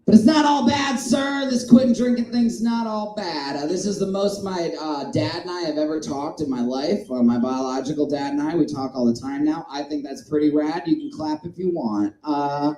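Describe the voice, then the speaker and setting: A man doing a stand-up set in a small comedy club, crude and self-mocking, swinging between shouting and mumbling. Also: a little high, moderate pace, hardly any pauses, echoey room, low-quality recording.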